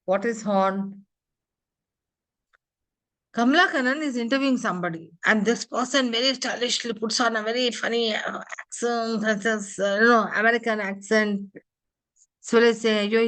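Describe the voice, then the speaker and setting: A woman teaches an interactive corporate training class, tossing quick quiz questions at learners and relying on "you know" and "huh?". She speaks at a medium pitch.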